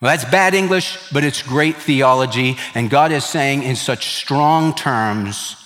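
Slow emphatic preaching man, reverberant hall. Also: a bit bright. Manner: slow emphatic preaching, drops low on key words. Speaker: pastor. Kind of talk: sermon.

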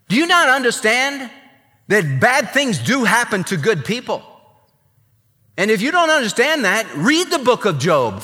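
A male pastor preaches emphatically, swinging his voice up and down as he drives each point home. His bright tone rings out with a long reverb, as in a large sanctuary. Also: high-pitched. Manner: emphatic, animated preaching with acted-out quotes. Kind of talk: sermon.

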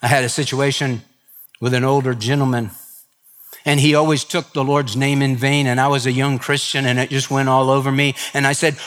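A man's voice: medium pitch, level tone, fairly quick, a bit bright, in a large hall. A man preaching a sermon as pastor, impassioned, acting out both sides of conversations. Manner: impassioned preaching with acted dialogue.

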